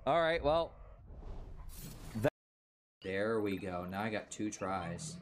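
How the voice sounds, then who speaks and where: A man's voice: lowish voice, sing-song, takes it slowly, vocal fry, pauses often, a little hiss or hum. A man streaming a game live, chatting casually, laughing and swearing as he plays. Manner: laughs a lot, swears, banters with chat.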